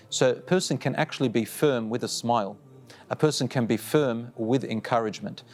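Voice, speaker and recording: A man's voice: mid-range voice, brisk, faint music behind. A middle-aged man preaching, earnest and direct, repeating short firm phrases as he gives advice to parents. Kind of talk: recorded religious reminder.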